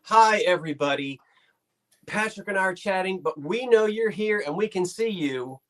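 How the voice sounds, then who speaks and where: Male co-host, fairly high voice, rambling and hesitant, casual stream chat. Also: lively intonation, moderate pace, a bit bright. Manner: hesitant, rambling with many restarts. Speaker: co-host of a live sale stream.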